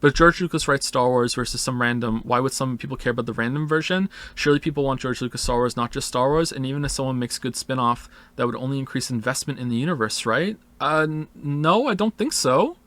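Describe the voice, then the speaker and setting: At medium pitch, this man talks quickly with barely a pause, fairly bright and free of room sound. He's casually answering his chat, rambling, cursing emphatically, and occasionally voicing imaginary speakers in quotes.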